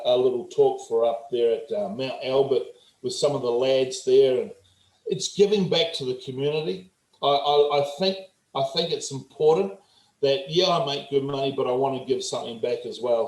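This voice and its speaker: A New Zealand man in his forties, a performance coach telling stories bluntly and with plenty of swearing in a casual interview. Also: medium pitch. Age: 40s. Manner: blunt, profane, animated storyteller. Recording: roomy echo.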